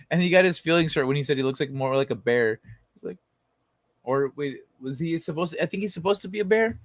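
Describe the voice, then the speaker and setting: A man's voice: fairly high pitch, fairly quick, no room sound. A man hosting a livestream in casual, playful, profane chat, laughing often. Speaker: livestream host.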